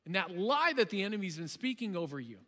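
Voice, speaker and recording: A man in his thirties preaching a sermon, impassioned, shifting between loud emphasis and quiet storytelling. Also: high-pitched, very animated, fast talker. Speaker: pastor. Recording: long hall reverb.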